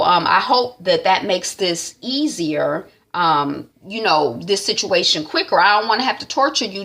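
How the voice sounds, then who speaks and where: A woman's voice: mid-range voice, a bit bright. A woman voicing a stern male interrogator who insistently accuses and presses for the truth during a TV recap.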